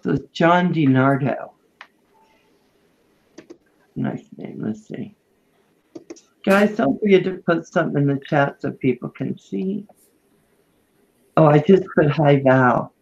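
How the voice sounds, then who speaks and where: A woman's voice: deep voice, slow pace, gravelly, long pauses, a little mellow, breathy edge, muffled recording. A woman co-hosting a video call-in chat show, talking casually and laughing often.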